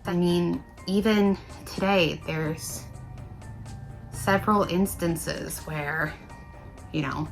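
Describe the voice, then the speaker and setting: Hushed, slightly breathless woman vlogger. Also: fairly even intonation, gravelly, faint music behind, rough recording. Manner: deliberately hushed, low-volume delivery. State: a little out of breath. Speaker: paranormal YouTuber host. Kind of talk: casual vlog storytelling.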